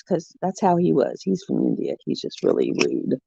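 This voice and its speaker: A woman chatting casually on her craft vlog as an animated storyteller, recorded at home. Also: deep voice, normal speed, vocal fry, slightly rough, no echo. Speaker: crafting vlogger. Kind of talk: casual chat. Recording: muffled, dull sound.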